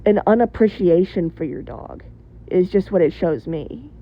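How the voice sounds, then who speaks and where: A woman vlogger delivers a casual opinion monologue straight to camera, blunt and candid, swearing freely and rambling through asides and lots of fillers. Her voice sits on the low side and is expressive, at a moderate pace. The highs are cut off.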